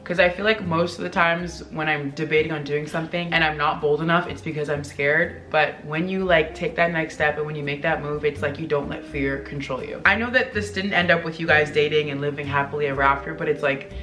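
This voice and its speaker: A woman's voice: sits low, steady tone, fairly quick, few pauses, a bit bright, roomy sound, slight background noise. A woman vlogger talking casually to her viewers, chatty and full of "like", with big upward swoops in her voice. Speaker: vlogger reading viewer confessions. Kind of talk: casual chat.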